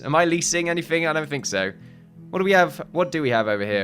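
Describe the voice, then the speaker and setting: A man giving casual gameplay commentary, thinking aloud in a muttering way with sudden loud outbursts. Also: medium pitch, animated, fairly quick, faint music behind. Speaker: gaming video host.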